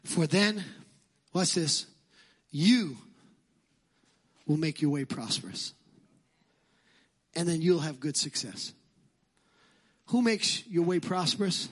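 A man's voice: fairly high pitch, lively intonation, slow pace, pauses often. A male pastor with a Brooklyn accent preaching a sermon in church, emphatic and fond of repeating phrases.

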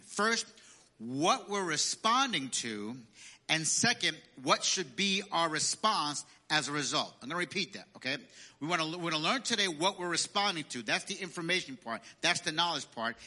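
A man preaching a sermon as a pastor, calling on the congregation to repeat phrases and rising louder and higher when quoting scripture. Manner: preaching with call-and-response prompts.

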